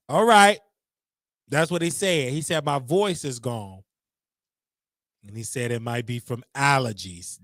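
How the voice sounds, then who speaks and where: A man's voice: medium pitch, fairly bright tone, no echo, clean studio sound. Rambling, preachy livestream host man. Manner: rambling, repetitive, preacher-like call-outs. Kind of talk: casual livestream chat.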